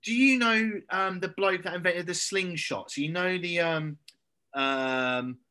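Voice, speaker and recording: Sweary guy with a bright voice. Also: high voice, a little slow, smooth. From England. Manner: sweary, hesitant with many ums. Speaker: guest, personal trainer. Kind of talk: casual podcast chat.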